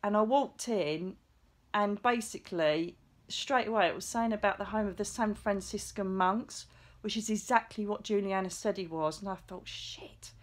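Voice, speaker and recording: A middle-aged woman tells a personal story in casual monologue. She is excitable and chatty, swears now and then, and acts out the lines she quotes. Her voice sits at an ordinary middle pitch. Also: normal speed. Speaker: psychic medium vlogger.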